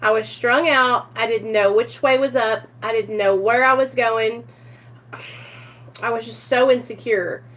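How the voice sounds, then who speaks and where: A woman's voice: a little high, steady tone, a little slow, fairly bright tone. A young woman vlogging from home about her recovery, emotional and teary, sighing often and speaking straight to her viewers. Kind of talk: casual confessional vlog.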